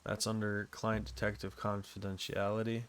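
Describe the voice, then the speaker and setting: A man voicing a wry raccoon private eye with deadpan questions, reading game dialogue aloud. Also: on the low side, moderate pace, slight background noise, natural voice. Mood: dry.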